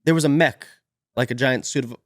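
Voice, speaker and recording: A man's voice: mid-range voice, a little fast, dry recording, clean studio sound. A man co-hosting a podcast, chatting casually about a book while sick with a cough drop in his mouth, acting out quotes as he goes. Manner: animated, acts out quotes from the book. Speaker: podcast co-host.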